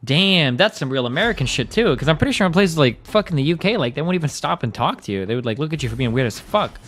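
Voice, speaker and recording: A man's voice: on the high side, animated, fairly bright tone. A young man streaming, ranting and arguing in a profane, heated, casual way. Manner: profane, fast, argumentative.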